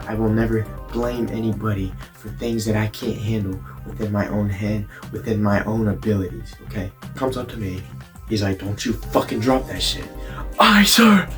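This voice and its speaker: A young man talking straight to camera, blunt and full of swearing, often stumbling and repeating words as he tells a personal story. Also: fairly low pitch. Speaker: vlogger. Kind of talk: candid storytelling monologue.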